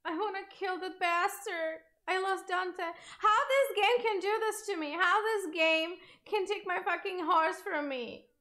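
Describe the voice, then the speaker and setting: A woman's voice: very high-pitched, a little slow, few pauses, pushed and bright. A woman streaming a game live, talking emotionally to her viewers and swearing freely. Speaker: gaming streamer. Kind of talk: live gameplay commentary.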